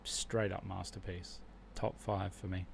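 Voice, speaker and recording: An Australian man chats casually on his livestream in a fairly deep voice. He muses aloud as he works through flashcards, and a faint background hiss sits under his voice. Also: flat delivery, a little slow, vocal fry. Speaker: livestream host learning Spanish.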